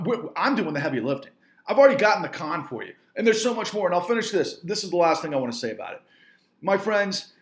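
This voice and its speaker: Angry guy ranting, repeats himself a lot, kinda high voice, roomy echo. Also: fairly bright tone. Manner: angry, emphatic, repetitive, swearing mildly. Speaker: filmmaker and entrepreneur. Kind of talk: impassioned rant to camera.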